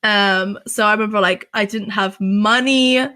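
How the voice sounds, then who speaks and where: A woman's voice: medium pitch, steady tone, measured pace, sharp tone. A young woman chatting casually in an interview, talking freely with lots of fillers and some swearing. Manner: chatty, filler-heavy and profane. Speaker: streamer being interviewed.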